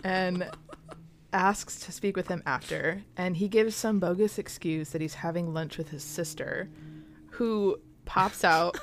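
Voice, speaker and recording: A woman's voice: fairly low pitch, unhurried, slight background noise. A young woman co-hosting a podcast, casually retelling a sitcom episode with lots of "like" and "um" fillers. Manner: chatty, frequent "like" and "um" fillers. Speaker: podcast co-host.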